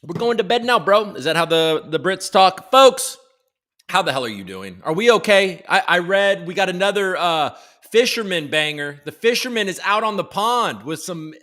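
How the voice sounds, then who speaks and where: Guy hosting a live crypto show, bright punchy voice, jokey and rambly, trips over his own sentences. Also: high-pitched, lively intonation, moderate pace. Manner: rambling, jokey, self-interrupting, swears. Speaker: host of a daily crypto news livestream. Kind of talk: casual live-stream chat. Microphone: desk microphone.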